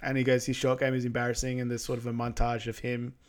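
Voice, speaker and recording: A man's voice: mid-range voice, quick pace. Easygoing man on a podcast. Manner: relaxed, agreeable, many ums and yeahs. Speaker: podcast co-host. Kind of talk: casual chat recapping a film.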